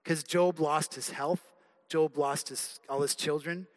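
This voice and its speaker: A man's voice: a little high, fairly even intonation, measured pace. A male preacher giving an earnest, conversational sermon in a church. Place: church sanctuary. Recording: long hall reverb.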